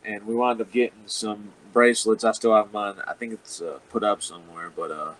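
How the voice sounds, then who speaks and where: A man's voice: fairly low pitch, steady tone, fairly quick, poor audio. Profane, laughing man telling stories. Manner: profane and laughing, rambling anecdotes. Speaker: professional wrestler guest. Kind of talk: casual storytelling.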